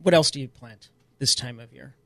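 A man's voice: medium pitch, fairly quick, gravelly, fairly bright tone, dry recording. A man co-hosting a radio gardening call-in show, explaining plants in plain, knowledgeable terms. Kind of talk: casual radio chat.

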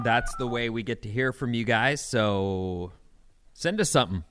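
A man co-hosting a radio talk show, reading listener texts and teasing his co-host in a deadpan way. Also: medium pitch, moderate pace, noisy background. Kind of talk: casual radio banter.

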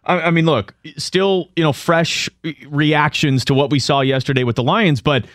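A male sports radio host venting in frustration, his voice slightly high. The sound is dry and close. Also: fairly even intonation, normal speed, fairly bright tone, no echo. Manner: frustrated ranting.

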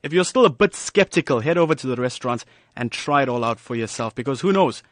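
A man's voice: mid-range voice, expressive, fast, no echo. Man reading a radio news feature. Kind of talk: scripted news narration.

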